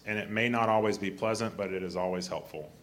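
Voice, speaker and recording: Deep grumbly man. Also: steady tone, quick pace. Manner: frequent throat clearing and repeated restarts. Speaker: preacher. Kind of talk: sermon.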